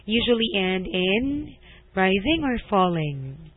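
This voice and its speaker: A woman leads a one-to-one English lesson, gently correcting her student and laughing easily. She talks at an unhurried pace, and the thin, tinny call audio sounds like a phone line. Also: medium pitch, lively intonation. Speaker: English tutor. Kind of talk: online one-to-one language lesson. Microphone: video call.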